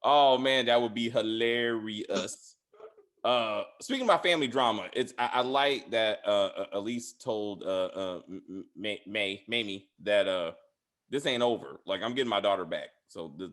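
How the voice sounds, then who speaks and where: A man casually chatting as a podcast host, rambling with many fillers and restarts. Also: moderate pace. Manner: laughs loudly and high. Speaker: podcast host reviewing a TV series. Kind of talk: casual chat.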